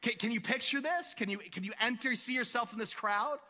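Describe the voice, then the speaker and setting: A male pastor preaching an animated sermon to his congregation, asking them questions and acting out the scene. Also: very high-pitched, a little fast, long reverb tail. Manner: animated, asks the congregation questions and acts out quotes. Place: church sanctuary.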